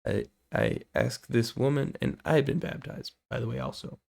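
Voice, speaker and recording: Gravelly young man telling his testimony. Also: mid-range voice, moderate pace. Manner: earnest, excitable storytelling with fillers. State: voice going hoarse. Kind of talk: personal faith testimony.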